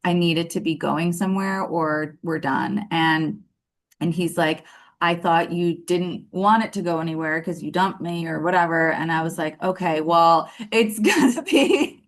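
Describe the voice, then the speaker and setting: A woman in her thirties telling her love story in a casual interview, animated and acting out what people said, with lots of fillers. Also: sits low, normal speed. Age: 30s. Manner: animated, acts out quoted dialogue, many fillers.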